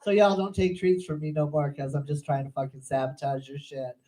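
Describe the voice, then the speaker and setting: A woman's voice: sits low, a little fast, warm tone, low-quality recording. A middle-aged woman performing a crude, profane stand-up routine on a comedy club stage. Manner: crude, profane, brash storytelling.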